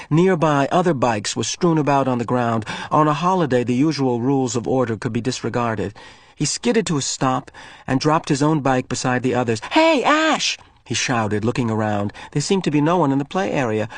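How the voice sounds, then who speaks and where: A male teacher reading a novel aloud to his class in an expressive, storytelling way. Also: mid-range voice, dry recording.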